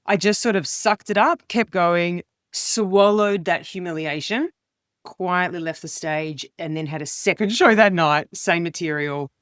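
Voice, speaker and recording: A comedian and speaker tells stories in an interview, expressively acting out the voices of people she quotes with big pitch jumps. She speaks a little slowly in a smooth voice, recorded in studio quality with no room sound.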